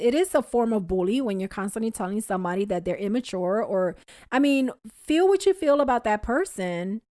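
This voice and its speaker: A woman co-hosting a casual chat podcast, speaking forcefully and chiming in with quick agreement. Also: a little high, dry recording, clean studio sound. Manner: forceful, agreeing loudly with short interjections. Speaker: podcast co-host.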